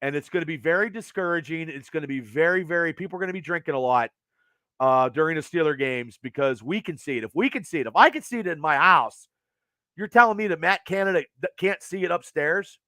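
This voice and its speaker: A man hosting a live show from home, ranting angrily and profanely, worked up and talking in fast bursts. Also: a little high, pushed and bright, dry recording, clean studio sound. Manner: profane, agitated, fast rants. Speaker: podcast host. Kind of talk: angry sports rant to live chat.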